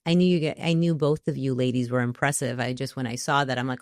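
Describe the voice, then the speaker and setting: Brief: woman host, very low voice, effusive and giggly, dry close sound. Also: fairly even intonation, fast talker, vocal fry, darkish tone, no echo. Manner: effusive, laughs often, trips over her words. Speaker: interview host. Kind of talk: casual interview chat.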